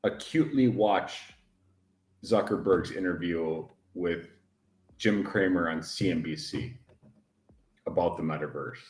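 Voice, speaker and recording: A man's voice: low-pitched, a little slow, long pauses, a little mellow, roomy sound. A man co-hosting a casual livestream chat, rambling and emphatic, often breaking into laughter. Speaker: podcast co-host.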